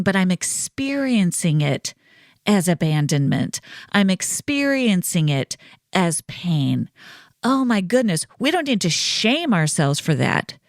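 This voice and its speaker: A woman talks through a topic on her own podcast in an easy, conversational way, reassuring the listener and often checking in with "right?". Her voice sits at an ordinary middle pitch. The sound is close and dry, with no room around it. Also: no echo. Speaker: podcast host and counselor. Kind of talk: casual solo podcast teaching.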